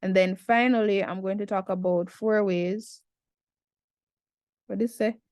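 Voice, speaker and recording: A woman's voice: medium pitch, fairly even intonation, a little slow, darkish tone, no room sound, studio quality. A Jamaican woman in her twenties, talking through an essay in a casual, chatty tutorial with slangy asides. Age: 20s.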